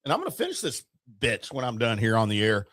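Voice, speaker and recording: Fast-talking jokey male show host. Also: mid-range voice, huge pitch swings, a bit bright, no echo, studio quality. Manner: jokey, talks with his mouth full. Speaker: podcast co-host. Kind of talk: casual sports show chat.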